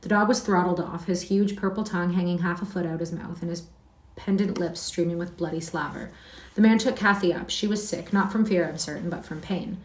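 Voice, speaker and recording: A woman's voice: lowish voice, fairly even intonation, brisk, natural voice. A woman reading aloud as Heathcliff, a wild, defiant boy telling his tale with fierce scorn, heard in a roomy space from a distant mic. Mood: scornful.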